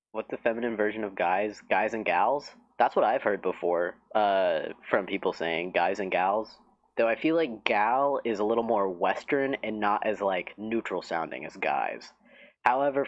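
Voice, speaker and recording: A man's voice: mid-range voice, dull audio. A man hosting a casual live stream, rambling in a giggly, self-mocking way.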